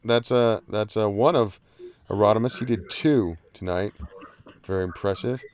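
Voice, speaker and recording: Laid-back lower-voiced man hosting. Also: normal speed, a little mellow, slight background noise. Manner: laid-back, rambling with fillers and laughs. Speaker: livestream host. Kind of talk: casual live panel chat.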